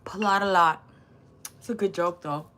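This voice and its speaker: A woman's voice: medium pitch, normal speed, fairly bright tone. An older woman chatting casually on a livestream, reading viewers' messages aloud and teasing them with crude, swearing humor and frequent laughter.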